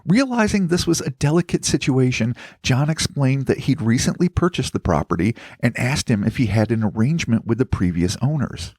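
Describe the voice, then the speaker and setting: A man hosting a podcast, reading out a story in a measured, dramatic narration. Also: mid-range voice, lively intonation, a little mellow, no room sound, studio quality. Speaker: podcast host.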